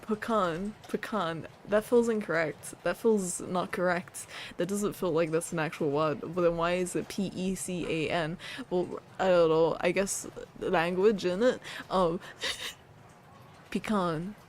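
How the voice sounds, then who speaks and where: A woman's voice: lowish voice, fairly even intonation, normal speed, hardly any pauses, a little mellow, a little hiss or hum. A woman streaming casually, reading viewer submissions aloud and repeating words with a playful laugh.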